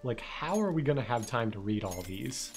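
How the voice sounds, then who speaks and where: A man's voice: mid-range voice, animated, moderate pace, a little mellow. Chatty man streaming a game. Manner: chatty, reads game dialogue aloud. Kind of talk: casual let's play commentary. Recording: faint game music behind.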